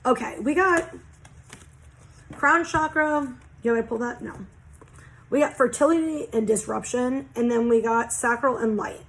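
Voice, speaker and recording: A woman's voice: a little high, moderate pace, fairly bright tone, rough recording. A woman giving a casual spiritual card reading to her viewers, candid and blunt, swearing freely as she shares personal experience. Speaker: spiritual reader.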